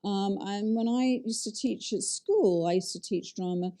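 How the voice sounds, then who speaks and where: A woman who directs and once taught drama, talking in a relaxed interview with many fillers and restarts. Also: medium pitch, measured pace, clear, resonant tone. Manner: chatty, animated, frequent fillers and restarts. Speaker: director and acting teacher. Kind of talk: casual interview talk.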